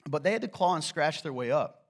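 A man's voice: fairly high pitch, expressive, fairly quick. A middle-aged man from Eastern Kentucky with a slight Southern Appalachian accent, preaching a sermon in a conversational storytelling way with self-deprecating humor. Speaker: pastor.

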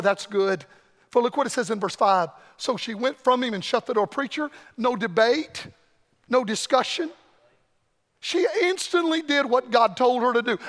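A man in his sixties preaching a revival sermon as a visiting evangelist, fiery, swinging between shouts and low murmurs. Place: church sanctuary. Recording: reverberant church hall.

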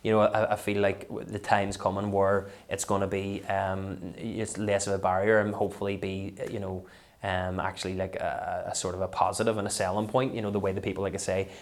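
A Northern Irish comedian in a casual podcast interview, rambling and self-deprecating, full of fillers and restarts. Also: male voice, low voice, level tone, brisk. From Northern Ireland. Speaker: comedian guest.

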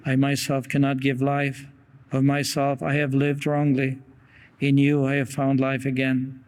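A man preaching a sermon in an earnest way, reading long quotations aloud with pauses and small restarts. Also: medium pitch, completely flat delivery, darkish tone.

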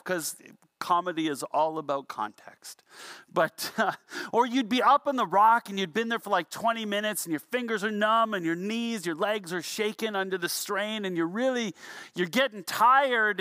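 A middle-aged man preaching a sermon in a relaxed, storytelling way with self-deprecating humor. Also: high voice, moderate pace, dry recording, studio quality. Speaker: pastor. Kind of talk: conversational sermon.

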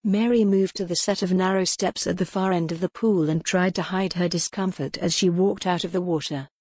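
A woman narrating a novel in a steady, measured voice that sits on the low side. The recording is close and dry, with no room sound. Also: husky, no echo. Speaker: audiobook narrator. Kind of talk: scripted narration.

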